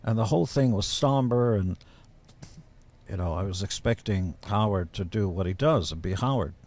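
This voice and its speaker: A man as a podcast guest telling casual stories in a blunt, profane, deadpan-boasting way. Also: fairly low pitch, moderate pace. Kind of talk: casual storytelling.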